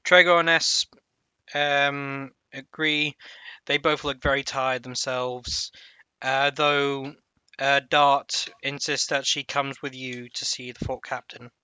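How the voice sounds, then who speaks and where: A man narrating a tabletop game as game master in an unhurried, halting descriptive way. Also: mid-range voice, little pitch movement, bright, forceful tone, clean tone, dry recording.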